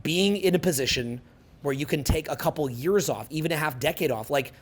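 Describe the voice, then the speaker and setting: A man's voice: a little high, a little fast. A man in his forties giving a casual, rambling seminar talk, swearing freely and peppering his speech with fillers. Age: 40s. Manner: rambling, profane, animated, filler-heavy. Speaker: seminar speaker.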